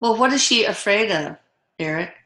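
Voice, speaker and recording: A woman hosting the show, chatting casually and telling stories in an animated way. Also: mid-range voice, normal speed. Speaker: host. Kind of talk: casual conversation. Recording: echoey room.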